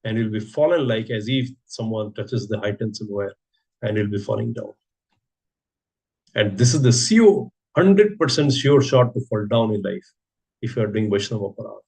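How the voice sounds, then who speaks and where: A man's voice: on the low side, expressive, moderate pace, a little mellow, husky. A man giving a sermon, telling a story and asking rhetorical questions. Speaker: preacher giving a scripture class.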